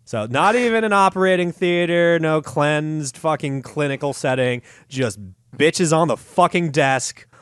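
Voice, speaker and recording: A man's voice: a little high, a little slow, smooth, no room sound. Profane laughing podcast storyteller, man. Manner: laughing, swearing, animated retelling with quoted voices. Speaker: podcast co-host telling the story. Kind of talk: casual profane storytelling chat.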